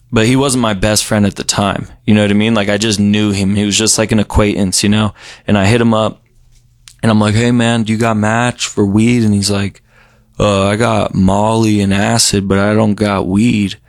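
A young man from Colorado telling his recovery story in a relaxed, rambling way, full of "you know" and "um.". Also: lowish voice, normal speed, no room sound, clean studio sound. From Colorado, USA. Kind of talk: casual recovery story interview.

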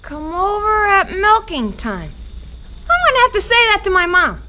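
A woman's voice: extremely high pitch, sing-song, moderate pace, very noisy. A woman playing a small, eager, curious boy in a radio drama, asking question after question. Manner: wide-eyed, questioning.

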